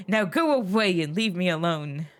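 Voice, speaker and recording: A woman voicing a paranoid, hostile young man in a game who shouts accusations loudly. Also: on the low side, expressive, normal speed, lightly acted. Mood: hostile accusing. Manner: shouting accusations, loud and jumpy.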